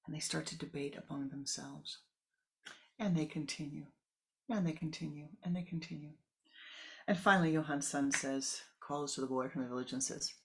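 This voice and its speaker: A woman spiritual teacher telling a story in a meditation talk, slow, with whispered asides and repeated phrases. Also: low-pitched, fairly even intonation, vocal fry.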